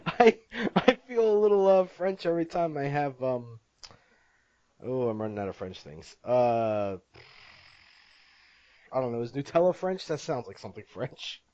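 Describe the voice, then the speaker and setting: A man hosting a casual podcast, talking in long rambling runs and breaking into laughs at his own jokes. His voice sits at an average pitch. The recording is dry and a bit muffled. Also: sing-song, moderate pace, pauses often, mellow, no echo. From Italian-American family. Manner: rambling, laughs often, jokey. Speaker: podcast host.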